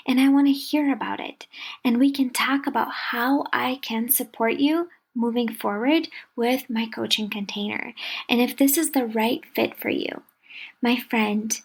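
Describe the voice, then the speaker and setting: A woman hosting a podcast and speaking straight to her listeners as a parenting coach, earnest and encouraging, repeating her reassurances and dropping to a soft, breathy delivery at times. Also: a little high, poor audio. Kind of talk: direct-to-listener podcast monologue.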